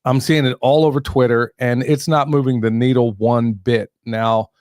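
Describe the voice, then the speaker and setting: A man's voice: mid-range voice, flat delivery, normal speed, darkish tone, dry recording, clean studio sound. A man hosting a podcast interview, chatting casually and rambling with repeats and laughs. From Western North Carolina. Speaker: podcast host.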